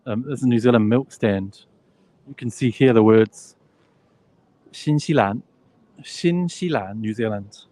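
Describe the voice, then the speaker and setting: A man's voice: lowish voice, fairly even intonation, moderate pace, dark tone. A man giving a casual live walking tour of a huge indoor expo hall. He chats, laughs easily and thinks aloud while filming on a handheld phone. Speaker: vlogger touring an expo.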